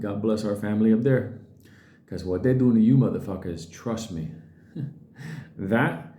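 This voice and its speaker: Middle-aged guy ranting at viewers, swears a lot, real dark mellow voice, echoey room. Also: fairly low pitch. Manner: blunt, swearing, animated, mimics voices. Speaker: crypto video host. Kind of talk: casual profane rant to viewers.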